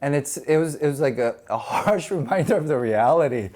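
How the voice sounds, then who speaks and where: Lively man telling stories, laughing. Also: a little high, brisk. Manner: animated, laughs often, acts out quoted voices. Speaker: actor and podcast host. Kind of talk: casual storytelling in a podcast interview.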